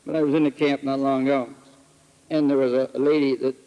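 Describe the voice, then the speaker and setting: A man preaching at a retreat, telling folksy stories with animated swings between loud exclamations and quiet asides. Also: mid-range voice, fast talker, highs cut off. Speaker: retreat speaker. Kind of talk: folksy sermon with storytelling. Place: retreat hall. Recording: archival 1968 recording in a hall with long reverb.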